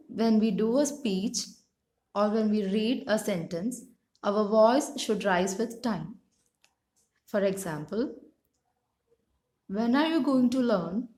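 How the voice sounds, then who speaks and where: A woman teaching English pronunciation and intonation, pronouncing each word slowly and carefully. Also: medium pitch, a little mellow. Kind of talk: slow instructional reading of vocabulary. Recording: echoey room.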